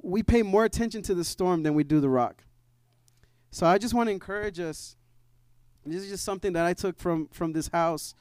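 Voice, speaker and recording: A man's voice: high-pitched, dry recording. Man, church testimony speaker, conversational with restarts, emphatic at peaks, dry close-mic sound. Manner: conversational, many fillers and restarts, rises to emphatic preaching. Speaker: church member sharing a mission trip testimony.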